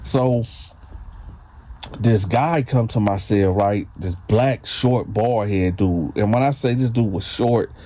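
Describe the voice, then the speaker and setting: Laid-back man telling a story, mellow voice. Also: fairly low pitch, slow. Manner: loose, conversational, many fillers and tag questions. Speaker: storyteller, channel host. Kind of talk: casual storytime.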